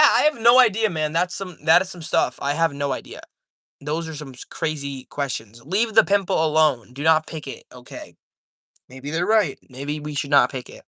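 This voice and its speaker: Chatting at home with his livestream audience, a young man rambles loosely and keeps saying "dude" and "bro" as he reads chat. His voice is fairly high, pushed and bright, recorded cleanly in a studio with no echo.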